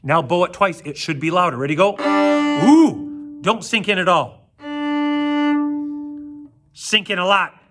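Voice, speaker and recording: A man's voice: high-pitched, a little slow, pauses often, over loud music. Upbeat man teaching kids strings. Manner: energetic, counts aloud and demonstrates on instruments; jokey, playful asides to kids. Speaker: orchestra teacher. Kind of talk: recorded video lesson for children. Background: plucked string instrument demonstrations.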